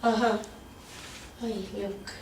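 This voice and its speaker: Speaking slowly in a medium-pitched, level voice, a woman presents an interactive workshop, testing the group and checking in with "okay?" and "yes?". She's far from the room mic in an echoey classroom, and faint noise is present.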